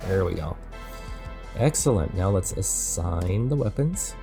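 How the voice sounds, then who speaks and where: A man's voice: low voice, expressive, unhurried, creaky. A man narrating a gameplay build tutorial in a casual, playful voice-over, chatting with the game pieces as he places them. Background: background music.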